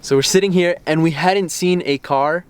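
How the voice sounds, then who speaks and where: With a fairly high pitch and moderate pace, this young car channel host tells a story casually outside beside parked cars. He's chatty and relaxed, performing snippets of quoted dialogue, and his camera-mounted shotgun mic gives a smooth sound.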